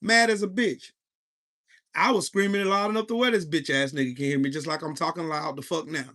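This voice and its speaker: A man in his forties hosts a live podcast and tells a heated story full of profanity, breaking off to greet his chat. His voice sits a bit higher than most men's. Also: brisk, bright, forceful tone. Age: 40s. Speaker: podcast host.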